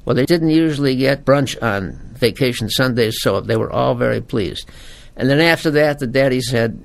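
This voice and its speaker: A man, a priest, giving a homily in a folksy, animated storytelling manner. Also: medium pitch, normal speed, vocal fry.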